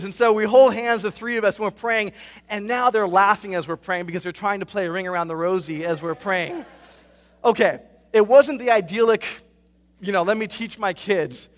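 A man preaching a sermon as pastor, telling stories in an animated way and acting out reactions. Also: high-pitched, normal speed, long reverb tail. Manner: animated storytelling, acts out reactions.

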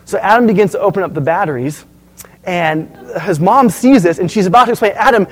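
Male pastor, high tenor, lively storyteller delivering a sermon to his congregation. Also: a little fast, poor audio. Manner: storytelling, animated, asks the audience questions.

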